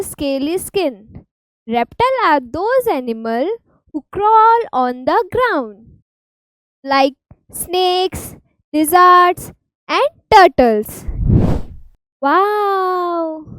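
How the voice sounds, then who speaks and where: A woman with an Indian English accent teaching reptiles to small children, slowly naming each animal in a sing-song way. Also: high-pitched, fairly bright tone, no echo, poor audio. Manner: slow, sing-song, stretches key words. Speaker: preschool teacher.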